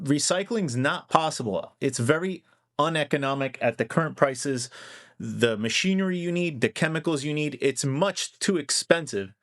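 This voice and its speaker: A man's voice: medium pitch, a bit bright. A man giving casual vlog commentary on finance, conversational and rambling, often correcting himself mid-sentence.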